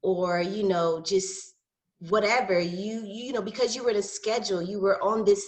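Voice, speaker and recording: A woman's voice: mid-range voice, fairly even intonation, normal speed. A woman chatting casually in a group conversation, rambling with many fillers as she talks over a video call. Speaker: mom and educator in panel talk. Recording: roomy echo.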